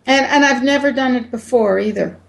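Woman, 70s, doctor guest, animated storyteller. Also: high-pitched, a little fast, gravelly, slight background noise. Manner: lively anecdotes, mimics shouting voices. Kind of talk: interview storytelling.

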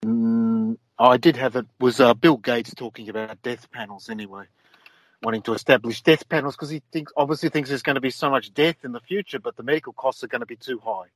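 A man co-hosts a casual talk show, rambling and trailing off with lots of ums. His voice is mid-pitched and sounds dry and close, with no room around it. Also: expressive, fairly quick, dry recording, rough recording. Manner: hesitant, rambling, many fillers. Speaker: podcast co-host.

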